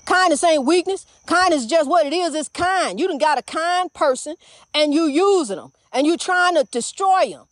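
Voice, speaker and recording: An older woman minister delivers an inspirational sermon with great fervor, repeating herself and calling her listeners honey. Her voice is extremely high-pitched with lively intonation and a moderate pace, recorded in clean studio quality without echo.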